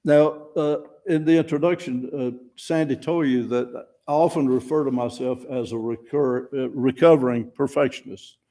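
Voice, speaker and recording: A man's voice: mid-range voice, steady tone, moderate pace, hardly any pauses, dark tone. An older man giving an informal, folksy sermon at a fellowship service, self-deprecating and plain-spoken, often restarting his words. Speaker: lay speaker at a fellowship service.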